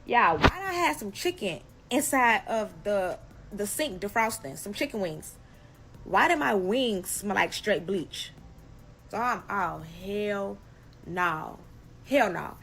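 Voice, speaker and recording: Animated woman telling a storytime. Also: medium pitch, slow, a little hiss or hum. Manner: animated, emphatic, swears freely. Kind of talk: casual storytime.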